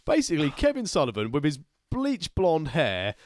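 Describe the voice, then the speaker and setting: A man's voice: on the high side, huge pitch swings, normal speed, darkish tone, slight background noise. A man co-hosting a casual chat, adding dry joking asides. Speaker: podcast co-host.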